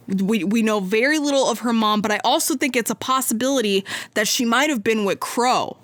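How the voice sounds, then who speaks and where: A young woman hosts a casual podcast and talks excitedly through a fan theory in loose, rambling speech. She uses a lot of fillers. Her voice sits a little high, and the recording is dry and close with almost no room sound. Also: no room sound. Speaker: podcast host. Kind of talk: casual chat.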